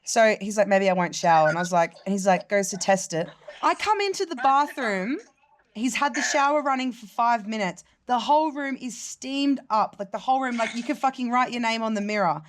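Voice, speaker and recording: A young Australian vlogger with a slightly high voice talks fairly quickly, sharing a story in casual chat. She's expressive and sweary, performing other people's lines in voices of their own.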